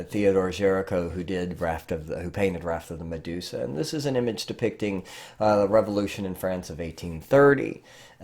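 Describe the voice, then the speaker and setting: Hesitant, lower-voiced man giving a lecture. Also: darkish tone. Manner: hesitant, many fillers and restarts. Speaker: art history professor. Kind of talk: recorded lecture.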